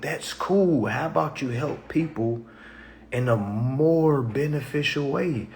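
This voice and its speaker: Speaking at a measured pace in a medium-pitched voice, a man hosts a live stream. His casual talk turns preachy and repetitive, peppered with "okay?" and imitations of skeptical responses from others.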